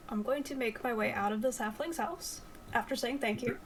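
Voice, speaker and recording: A woman's voice: a little high, a little fast, slight background noise, poor audio. A woman playing a tabletop game, stating her character's actions plainly. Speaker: player. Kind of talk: casual tabletop play.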